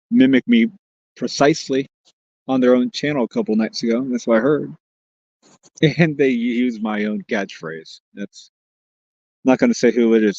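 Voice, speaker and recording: Man, livestream host, casual joking chat, husky gravelly voice, dull lo-fi sound. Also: mid-range voice, darkish tone, no echo. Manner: joking, rambling, reads out viewer comments.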